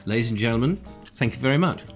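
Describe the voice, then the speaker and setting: A man's voice: mid-range voice, lively intonation, racing, soft background music. Chatty man hosting a kitchen vlog. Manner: chatty, self-deprecating, chuckling. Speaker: vlogger host. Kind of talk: casual kitchen chat. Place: home kitchen.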